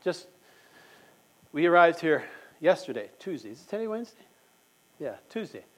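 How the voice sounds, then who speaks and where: A man's voice: fairly high pitch, very animated, normal speed, poor audio. A man giving a conversational sermon at a church meeting, earnest and talking straight to his listeners with questions. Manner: earnest, asks the audience questions. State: just had a tooth pulled. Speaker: church speaker.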